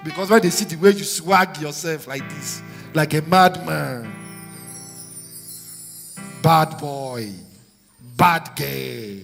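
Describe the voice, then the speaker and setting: A pastor with a slightly high, somewhat bright voice and vocal fry preaches slowly, pausing often, over soft background music. He exhorts his congregation and has them repeat phrases back to him in call-and-response. It was recorded live in a large church hall with long reverb.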